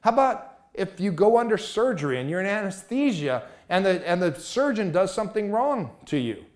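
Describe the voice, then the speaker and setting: A man's voice: high voice, big pitch swings, normal speed, darkish tone. A man giving a motivational talk, emphatic and full of rhetorical questions.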